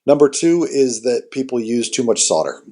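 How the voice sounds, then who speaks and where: A man's voice: medium pitch, animated, moderate pace, mellow. Rambling amp-builder man, many fillers. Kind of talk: casual technical podcast chat.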